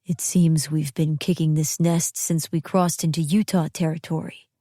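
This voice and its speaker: A woman's voice: lowish voice, unhurried, darkish tone, no room sound, clean studio sound. A woman voicing a solemn, guarded male wagon train captain in an audiobook, speaking in a grave, blunt, restrained way. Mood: solemn, wary. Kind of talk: audiobook character reading.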